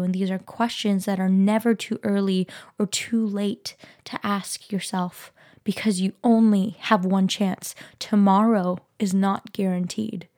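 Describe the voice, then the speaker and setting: A woman talks alone into her podcast mic, earnest and reflective, often turning to the listener with questions. Her voice is mellow and dark with a gravelly edge, and her pitch stays fairly flat. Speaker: podcast host. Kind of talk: reflective solo podcast talk. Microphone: podcast microphone.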